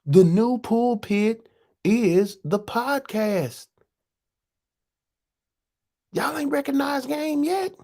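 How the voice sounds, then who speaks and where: Slow, preachy man talking to the camera. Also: very high-pitched, animated, dark tone. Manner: profane, preachy slang with rhetorical questions. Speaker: host. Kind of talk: casual monologue.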